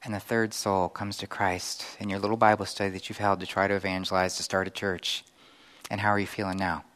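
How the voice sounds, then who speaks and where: Animated male preacher. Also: sits low, brisk. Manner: conversational preaching with animated acted-out asides. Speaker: pastor. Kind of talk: sermon.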